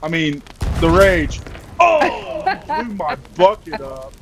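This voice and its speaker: A man's voice: a little high, wildly swooping pitch, takes it slowly, vocal fry, noisy background. A man playing a game with his wife, chatting casually, goofy and teasing and laughing often. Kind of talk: casual gameplay chat.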